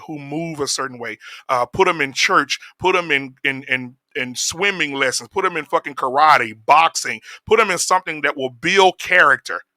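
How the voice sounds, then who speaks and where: Loud profane man ranting, bright and dry. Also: on the high side, dry recording. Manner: profane, preachy, mimics voices mid-rant. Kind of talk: heated podcast rant.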